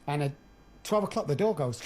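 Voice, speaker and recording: A man's voice: fairly high pitch, animated, brisk, a little mellow, slight background noise. Middle-aged man telling a raw story. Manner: candid, earthy storytelling with quoted dialogue. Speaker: podcast guest. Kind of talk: personal storytelling on a podcast.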